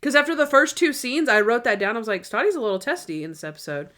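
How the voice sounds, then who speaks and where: A woman co-hosting a podcast in casual chat, rambling through an episode recap and acting out scenes in quick quoted voices. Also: on the high side, very animated, fairly bright tone. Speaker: podcast co-host.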